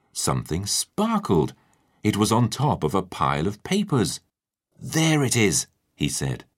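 A man narrating a children's storybook in a lively, expressive way. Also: deep voice, breathy edge.

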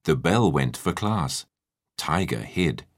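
Slow, deep, expressive man reading a storybook. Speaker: narrator.

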